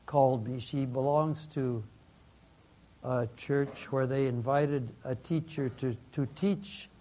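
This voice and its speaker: A male pastor with a warm, medium-pitched voice teaches a Bible class in sermon style, speaking slowly and haltingly. He repeats words, laughs often, and mixes in Mandarin phrases.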